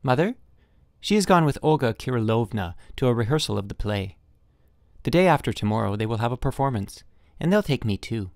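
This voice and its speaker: A man's voice: very animated, fairly quick, no echo, studio quality. A man voicing a six-year-old boy who is curious, asks questions, and cries easily, in a storybook reading. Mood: innocent, curious. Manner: high childish questioning voice. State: tearful, crying.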